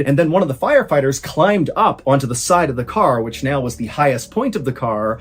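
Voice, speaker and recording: A man hosting and narrating true scary stories in a suspenseful, conversational way, slowing down for emphasis. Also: medium pitch, lively intonation, husky. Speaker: storyteller host. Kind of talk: dramatic true-story narration.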